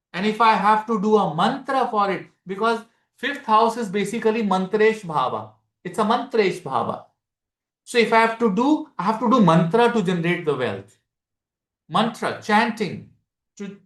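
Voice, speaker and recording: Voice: mid-range voice, fairly bright tone. Indian accent, astrology teacher, live class, repeats phrases, quizzes students, roomy echo. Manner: explanatory, repeats key phrases, mixes Hindi into English; addresses students directly with questions. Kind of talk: live masterclass lecture. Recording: echoey room.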